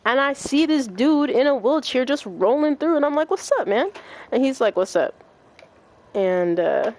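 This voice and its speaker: A young woman hosts a gaming stream and tells a long story in a loose, profane, animated way. She acts out the other people's lines as she goes. Her voice sits a little high and swings widely in pitch. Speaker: livestream gaming host. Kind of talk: casual storytelling chat.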